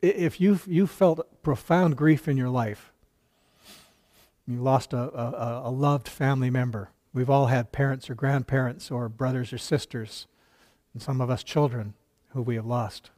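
A man's voice: mid-range voice, steady tone, a little slow, darkish tone. A male pastor preaching a sermon, retelling a story earnestly with quoted dialogue and occasional stumbles.

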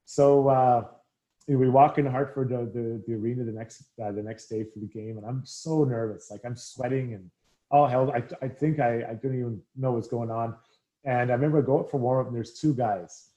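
Talking at a slightly quick clip in a mid-range voice, this middle-aged ex-hockey player spins lively stories in an interview. He performs the quoted lines as he recounts them.

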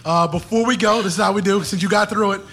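A high-voiced man with a gravelly edge runs a casual podcast chat, upbeat and joking as he powers through hot sauce. A faint hiss of background noise sits under his voice. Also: fairly even intonation, fast talker, a bit bright. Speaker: podcast host.

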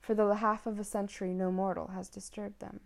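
Woman, story reader, measured, hushed, mid pitch. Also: level tone, vocal fry. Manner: measured, hushed dramatic reading. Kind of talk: reading a classic short story aloud.

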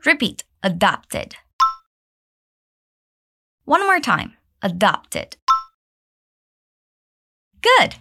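A woman teaching an English pronunciation lesson, drilling phrases for learners to repeat and praising them warmly. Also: big pitch swings, slow pace, vocal fry, long pauses, husky. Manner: encouraging, drills repetition, pitch leaps on praise.

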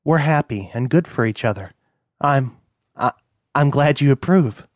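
A man's voice: mid-range voice, lively intonation, no echo, studio quality, close to an everyday voice. A man doing an awkward, reserved diplomat. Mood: embarrassed. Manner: awkward, halting.

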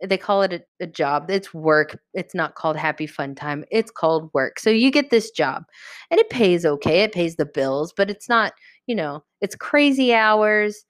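A woman hosting a podcast, teaching a casual Bible study in a lively, chatty way and acting out the characters. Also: fairly low pitch, normal speed, no room sound, clean studio sound. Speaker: podcast host.

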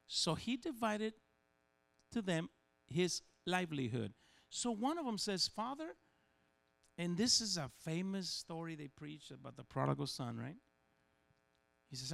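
Animated, gravelly-voiced male preacher. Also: on the high side, normal speed. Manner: animated, acts out voices and dialogue, humorous asides. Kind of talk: sermon.

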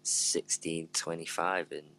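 Deep-voiced host, joking and swearing. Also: male voice, little pitch movement, takes it slowly, gravelly, bright, forceful tone, slight background noise. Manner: swearing, laughing banter. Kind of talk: casual chat.

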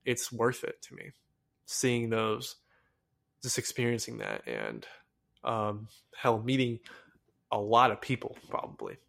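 Young guy from the states rambling on his podcast, all excited, tons of ums and restarts. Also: mid-range voice, measured pace, vocal fry, long pauses. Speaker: podcast host. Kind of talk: casual solo podcast monologue.

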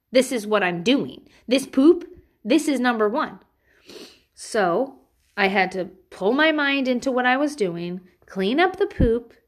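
A woman's voice: medium pitch, fairly bright tone. Frank mother swearing through parenting advice. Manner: candid and frank, swears freely. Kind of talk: casual personal storytelling.

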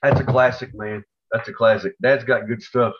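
A man co-hosting a casual podcast, telling family stories in an animated way and acting out the people in them. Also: mid-range voice, normal speed. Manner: animated storyteller, acts out family members with yells. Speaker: podcast co-host. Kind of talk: casual storytelling chat. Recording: dull lo-fi recording.

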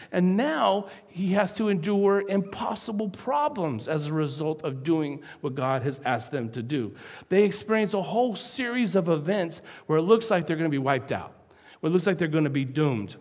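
A man preaching a sermon as a pastor, animated and acting out the voices of the people he describes. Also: on the high side, moderate pace, long reverb tail. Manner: animated, acts out quoted voices.

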